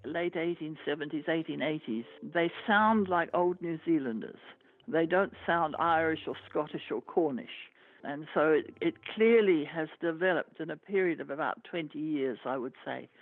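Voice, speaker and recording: A man's voice: fairly high pitch, moderate pace. A man speaking as an expert in an interview, explaining thoughtfully with restarts. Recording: tinny, dry phone-like sound.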